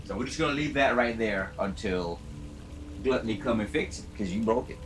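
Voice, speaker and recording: Hyped, profane male streamer, lively voice. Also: fairly low pitch, brisk, over music. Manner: hyped, profane, teasing his chat. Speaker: game streamer. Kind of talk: casual livestream chat. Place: home gaming setup. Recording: noisy background.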